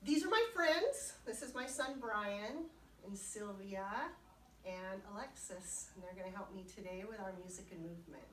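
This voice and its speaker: A woman's voice: medium pitch, normal speed, a bit bright, slight background noise. A woman children's librarian leading a kids' music and movement class, cheerful and encouraging, with playful sound words. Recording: roomy sound from a distant mic.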